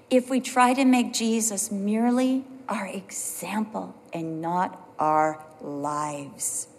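A woman teaching a Bible study in an earnest way, building points through emphatic repetition. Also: on the high side. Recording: long hall reverb.

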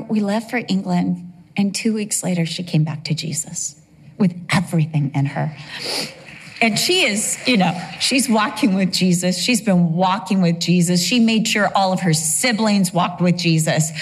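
A woman's voice: on the low side, slightly rough. A middle-aged woman preaching a sermon, telling a personal story in an earnest, emotional way.

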